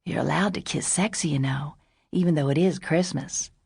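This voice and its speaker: A woman's voice: low voice, normal speed, creaky, breathy edge, no room sound, studio quality, full character voice. A woman voicing a bold, unconventional young woman who teases and presses her boyfriend. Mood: teasing. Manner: teasing, impatient, lively.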